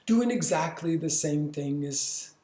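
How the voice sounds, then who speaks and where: A man teaching a lesson, his voice pitched a little high and bouncing around an echoey room. He explains things by acting out sounds and gestures, stumbling into restarts, then pushing ahead with animated emphasis. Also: a little slow. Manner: demonstrative, acts out sounds and movements. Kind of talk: instructional lesson.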